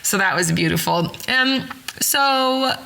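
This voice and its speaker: A woman host spins a casual story, rambling along and doubling back to correct herself. Her voice is bright and forward, and she sounds excited as she tells it. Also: on the low side, a little slow, low-quality recording. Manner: rambling, with frequent self-corrections and fillers. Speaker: podcast host.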